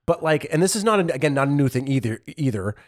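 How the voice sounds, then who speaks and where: A man's voice: medium pitch, lively intonation, quick pace, no echo, studio quality. Rambling man from California, casual chat. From California, USA. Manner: rambling, with many fillers and restarts. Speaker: podcast co-host.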